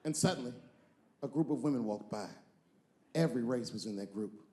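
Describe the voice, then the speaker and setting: A male comedian telling a long story on stage, moving between loud punchlines and low, drawn-out asides. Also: roomy sound. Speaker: stand-up comedian.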